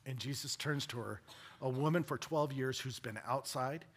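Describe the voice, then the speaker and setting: A man preaching a sermon as a pastor, dramatic and animated, swinging between loud and hushed. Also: mid-range voice, normal speed, slight background noise.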